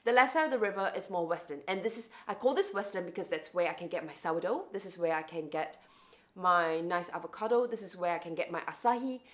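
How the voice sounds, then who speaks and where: A woman's voice: on the low side, brisk, a bit bright. A young adult woman vlogging to camera in a casual, reflective way, often restarting and repeating words.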